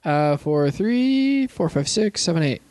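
A man's voice: fairly high pitch, very animated, measured pace, a little mellow, a little hiss or hum. A man playing a tabletop game who jokes around with the table. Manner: joking, playful. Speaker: player. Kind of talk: casual tabletop play.

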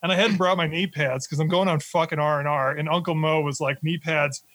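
Young veteran guest, slightly high voice, dry sound, swears freely while telling stories. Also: male voice, fast talker, no room sound. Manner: animated, profane storytelling. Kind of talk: casual podcast chat.

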